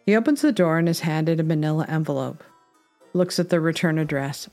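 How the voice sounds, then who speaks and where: Woman narrator, lowish voice, dry measured read, faint music bed. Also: a little mellow. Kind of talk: scripted satirical narration.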